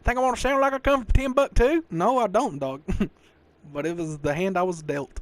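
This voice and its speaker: He's a twenty-something podcast host from the American South with a thick Southern accent and a voice that sits a bit high for a man. Talking at a normal speed in casual chat, he rambles, swears freely, and constantly throws in "bro" and "dog."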